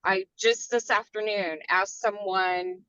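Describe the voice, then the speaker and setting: A woman's voice: mid-range voice, steady tone, takes it slowly, pushed and bright, no echo, muffled recording. An older woman on a video call, sharing her experience hesitantly and searching for her words. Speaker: workshop participant.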